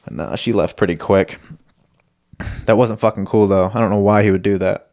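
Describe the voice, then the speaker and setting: A man's voice: on the low side, normal speed, a little mellow. A young man from Michigan hosting a podcast, telling stories in a profane, rambling, self-deprecating way. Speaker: podcast host. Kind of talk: casual storytelling monologue.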